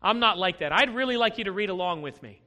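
A man with a very high, bright voice preaches a Bible-teaching sermon. He talks patiently and asks many questions, with lively swings in pitch. His words ring out under a long hall reverb. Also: quick pace.

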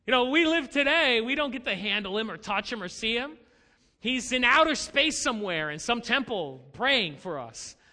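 A man's voice: very high voice, pushed and bright, long reverb tail. A man preaching as a pastor, asking rhetorical questions and building to emphatic lines. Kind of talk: sermon.

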